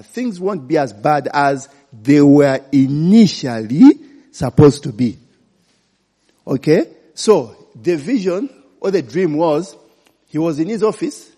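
A man's voice: a little high, warm tone, breathy edge. A man preaching an informal sermon, often checking in with "eh?" and "okay?". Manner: chatty, frequent "eh?" and "okay?" check-ins. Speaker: pastor. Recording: long hall reverb.

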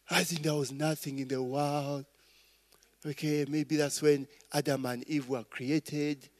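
A middle-aged Ugandan man preaching a sermon, rambling with asides and tossing "eh?" and "okay?" to the congregation. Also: fairly high pitch. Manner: rambling, call-and-response asides, frequent "eh?" and "okay?". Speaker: pastor.

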